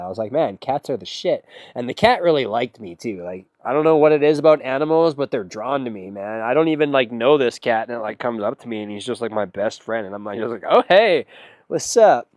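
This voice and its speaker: A man's voice: mid-range voice, a little fast, few pauses, darkish tone, no echo. A man chatting casually with his stream audience between song requests, with a laid-back, sarcastic and slangy way of talking. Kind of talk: casual livestream chat.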